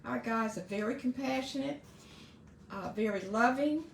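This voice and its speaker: A woman's voice: on the high side, normal speed, gravelly, roomy sound, a little hiss or hum. A middle-aged woman hosting her own podcast, giving casual, earnest advice to parents with frequent asides and restarts. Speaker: podcast host.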